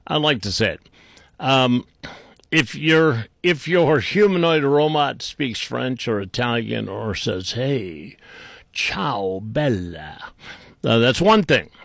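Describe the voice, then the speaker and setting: A man's voice: medium pitch, animated, measured pace, vocal fry, fairly bright tone, dry recording. A man hosting a talk radio show, rambling and irreverent, with many fillers and restarts. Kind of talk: casual talk radio monologue.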